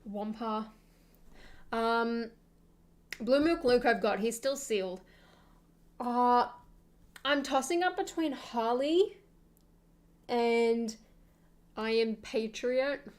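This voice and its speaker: A young woman streaming, chatting casually and thinking aloud with soft laughs. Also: on the high side, extremely slow, long pauses.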